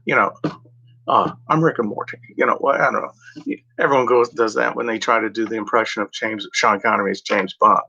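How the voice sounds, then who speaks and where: A vlogger with a lowish, gravelly, husky voice talks fairly quickly with fairly even intonation and a bright, forceful tone. His chat meanders, loaded with "like" and "you know," and he corrects himself along the way. The home recording is dull and lo-fi.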